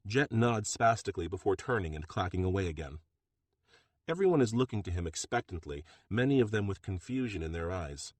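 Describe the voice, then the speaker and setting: Low-voiced male audiobook narrator. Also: no echo. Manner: steady, measured storytelling. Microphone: close studio mic.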